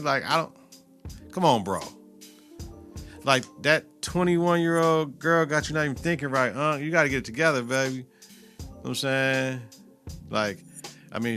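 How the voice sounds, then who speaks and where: A man's voice: a little high, pushed and bright. Blunt, profane male podcast host. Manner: blunt, profane, slangy, laughs often. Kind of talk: casual solo commentary.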